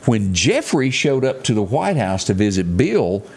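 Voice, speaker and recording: A deep-voiced man, co-hosting a morning news chat. His pitch rolls up and down a lot as he talks. He reads the headlines in a folksy, chatty way, with plenty of asides. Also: sing-song, measured pace, darkish tone, husky. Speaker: morning show co-host.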